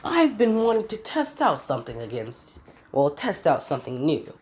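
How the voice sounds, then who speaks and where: A cold, cruel young frost demon that a woman puts on sneers and drawls his words, condescending and mocking in a low voice. The delivery swings widely in pitch, like a casual fan story read aloud. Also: wildly swooping pitch, moderate pace, darkish tone. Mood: sneering.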